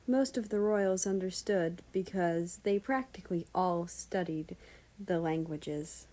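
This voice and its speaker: A woman narrates a fan fiction story in an even, storytelling voice. Her pitch sits low for a woman and stays steady. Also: low-quality recording. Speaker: story reader. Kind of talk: reading fan fiction aloud.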